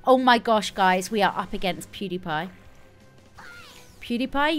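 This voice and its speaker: A woman streaming a video game live, chatting casually with sudden excited squeals. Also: medium pitch, a little slow, soft background music. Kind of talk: casual live gameplay commentary.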